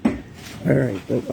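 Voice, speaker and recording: A middle-aged woman live streaming from home, fighting back tears as she keeps pausing to talk to her viewers. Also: rumbling low, gravelly. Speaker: livestreamer. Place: home room with a fan running. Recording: noisy home livestream with fan hum.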